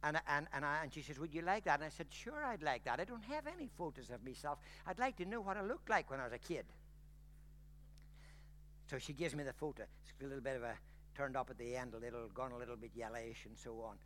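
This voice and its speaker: An older man from Ireland, preaching a sermon, telling a personal story and building to loud exclamations. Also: mid-range voice, expressive, fast talker, slight background noise.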